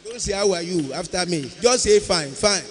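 A man with a Nigerian accent, a pastor presenting a testimony to a congregation in a slow, patient, coaxing way. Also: high voice, lively intonation, slight background noise. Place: large church convention hall. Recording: echoey hall with long reverb.

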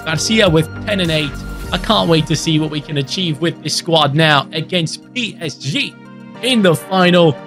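A young man commentating his own football video game match, swinging between grumbling and excited shouting. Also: on the high side, normal speed, music in the background. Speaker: gaming YouTuber. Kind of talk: gameplay commentary.

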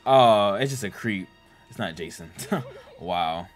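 An excitable young man talks through a movie, his pitch leaping up and down as he laughs, swears and jokes. Faint music plays behind him. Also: slow pace. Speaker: reaction host. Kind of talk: casual movie reaction commentary.

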